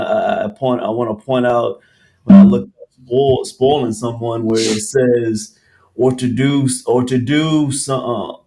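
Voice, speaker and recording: A man hosting a casual podcast discussion, talking in an animated, rambling way with many restarts. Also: mid-range voice. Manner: animated, rambling, restarts often, acts out quotes. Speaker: podcast host.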